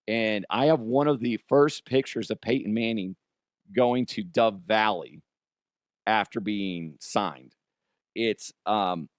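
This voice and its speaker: A man hosts his own podcast, swearing freely, laughing at himself and telling stories in a rambling, joking manner. His pitch is fairly low, and the clean studio sound has no room noise.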